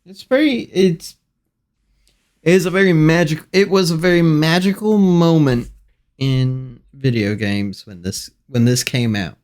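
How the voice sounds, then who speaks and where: A man hosting a casual gaming show, easygoing and quick to agree with short replies. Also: fairly high pitch, darkish tone. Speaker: host and player.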